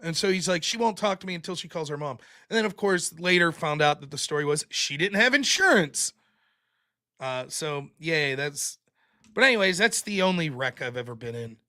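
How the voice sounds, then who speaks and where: A man hosting a podcast, telling a story in a casual, animated way. He acts out the people he quotes with loud bursts and laughs often. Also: on the high side, moderate pace. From United States. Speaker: podcast host.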